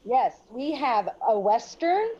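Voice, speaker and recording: A woman acting as field ref in an online improv show, briskly reading out the audience suggestions one by one over a video call. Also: a little high, very animated, dark tone, highs cut off. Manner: brisk, reads items one at a time. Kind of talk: reading a list aloud.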